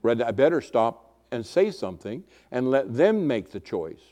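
Older male preacher, mid-range voice, conversational sermon, repetitive, soft trailing endings. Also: medium pitch, big pitch swings, normal speed.

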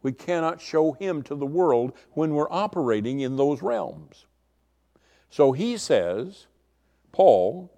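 An older man preaching a conversational sermon, telling personal stories with repetition and letting phrase ends drop quietly. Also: fairly high pitch, big pitch swings, unhurried.

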